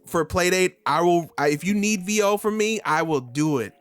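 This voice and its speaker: A man co-hosting a gaming podcast, tossing out playful quick quips. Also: high-pitched, no room sound, faint music behind. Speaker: podcast co-host. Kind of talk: casual chat.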